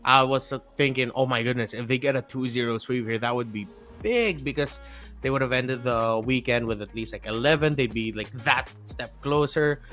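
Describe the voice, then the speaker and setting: A man's voice: mid-range voice, normal speed, a bit bright, faint music behind. A man, an esports caster, analyzing results and thinking aloud on a recap panel.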